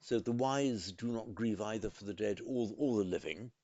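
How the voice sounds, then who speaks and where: A man teaching a language lesson in a careful, methodical way, pausing to correct himself. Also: on the low side, a little mellow, no room sound, dull audio. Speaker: Sanskrit teacher. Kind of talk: explanatory lesson.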